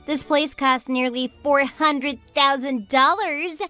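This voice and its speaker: A woman voicing an entitled, demanding young sister-in-law who yells and bosses people around. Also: fairly even intonation, slow, soft background music, exaggerated voice. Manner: demanding, shrill, yelling. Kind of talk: texting-story voice acting.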